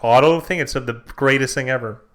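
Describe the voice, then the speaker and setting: A man co-hosting a casual sports watch-along stream, excitable and quick to react to plays. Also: medium pitch. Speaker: co-host.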